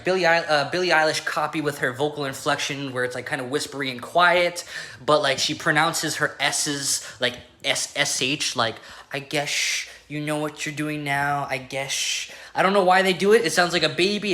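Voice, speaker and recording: A bright, sharp voice carries a profane, sarcastic rant through a home-recorded album review vlog. The reviewer spits out curses and keeps climbing into loud, indignant outbursts. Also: mid-range voice. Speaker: music reviewer. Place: apartment room.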